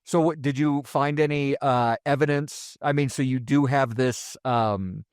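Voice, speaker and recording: A man's voice: mid-range voice, fairly even intonation, unhurried, clean tone, dry recording, studio quality. A man hosting a casual interview podcast, giving short reactions and asking friendly follow-up questions. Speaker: podcast host.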